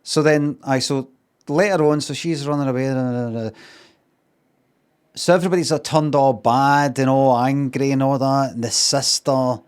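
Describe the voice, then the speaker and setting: A man's voice: medium pitch, steady tone, normal speed, clear, resonant tone. A man with a Scottish accent giving a casual, rambling review on a live stream, sweary and wry.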